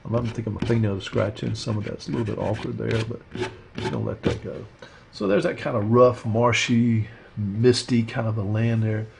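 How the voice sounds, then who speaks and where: A man teaching a watercolor painting demo, talking through his steps in a relaxed, rambling way with lots of fillers. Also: lowish voice, moderate pace, gravelly, hardly any pauses, a little hiss or hum. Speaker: art instructor. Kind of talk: casual painting demonstration.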